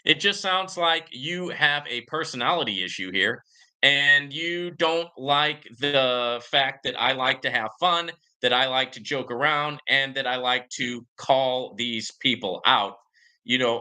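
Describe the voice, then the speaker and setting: A man's voice: medium pitch, a little slow, bright, forceful tone, clean tone. A man hosting his own channel, talking to viewers in casual, joking commentary full of comical voice inflections. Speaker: YouTube channel host.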